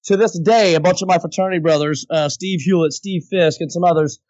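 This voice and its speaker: A man, a voice actor guest, telling an animated, chatty story in a podcast interview. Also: fairly high pitch, fairly quick, no room sound, lo-fi sound. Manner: animated, chatty, slips into impressions.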